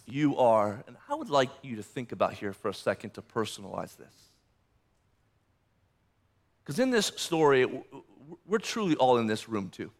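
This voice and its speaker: A man's voice: medium pitch, big pitch swings, fairly quick. A male pastor preaching a sermon, emphatic and passionate, often repeating words as he builds momentum.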